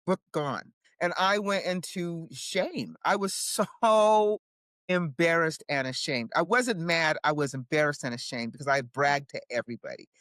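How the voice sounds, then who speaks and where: A woman whose voice sits low speaks at a moderate pace in a dry, studio-quality recording. As a guest in a casual interview, this indie author and publisher tells her story in an animated way, acting out others' voices and often adding "right?".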